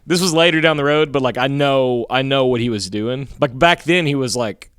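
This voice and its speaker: A man tells a story in loose, profane chat, rambling and getting animated when he quotes people. His voice is smooth and resonant, recorded close and dry with no room sound. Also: medium pitch, normal speed, dry recording. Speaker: podcast co-host telling a story.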